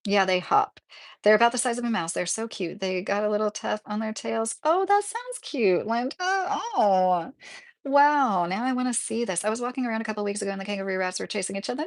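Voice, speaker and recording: A woman hosting a casual live stream from her rural home, rambling through stories with lots of fillers as she answers her chat. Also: medium pitch. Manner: chatty, rambling, with frequent fillers.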